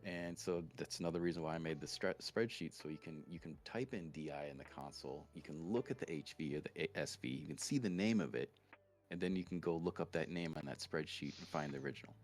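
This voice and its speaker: A man's voice: extremely low pitch, quick pace. A man on a voice call, a game mod creator thoughtfully explaining his ideas in casual chat.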